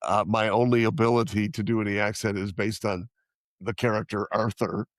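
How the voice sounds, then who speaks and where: A man co-hosting a podcast in casual chat, animated and quick to laugh. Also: on the low side, no room sound. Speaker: podcast co-host.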